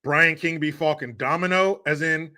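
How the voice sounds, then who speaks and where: A man's voice: fairly high pitch, moderate pace, bright, forceful tone. A man hosting a casual livestream, rambling and swearing as he answers comments. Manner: profane, rambling, laughs at own jokes. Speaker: livestream host.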